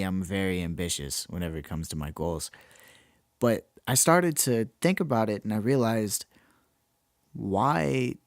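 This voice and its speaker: Low-voiced young man rambling casually. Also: no room sound, clean studio sound. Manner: rambling, self-deprecating, swears freely. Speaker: solo podcast host. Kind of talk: casual late-night ramble.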